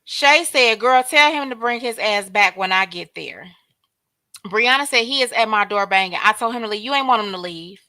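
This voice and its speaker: Bright high-voiced woman hosting a livestream. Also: moderate pace, dry recording. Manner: animated, talks straight to viewers, reads out chat names. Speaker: livestream host. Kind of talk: casual commentary chat.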